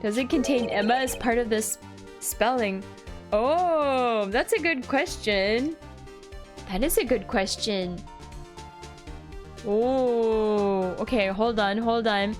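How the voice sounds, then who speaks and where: A woman's voice: a little high, slow. A young woman streamer in casual commentary, chatty and giggly, thinking aloud as she plays. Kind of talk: casual let's-play commentary. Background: game music.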